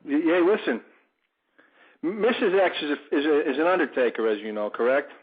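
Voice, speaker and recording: A man's voice: on the high side, very animated, normal speed, slight background noise. A man who is a regular on a radio talk show, blunt and wisecracking in the banter. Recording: tinny phone-like audio.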